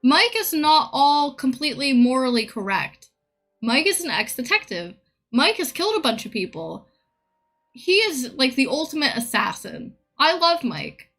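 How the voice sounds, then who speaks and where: A woman's voice: sits high, very animated, moderate pace, a bit bright, faint music behind. A woman streamer in a casual live-stream rant, blunt, profane and opinionated.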